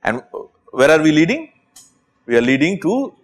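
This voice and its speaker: Animated Indian lecturer with a lively pitch. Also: male voice, moderate pace, long pauses. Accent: Indian English. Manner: animated, asks rhetorical questions with repeated "right?". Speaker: chemistry lecturer. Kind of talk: university lecture.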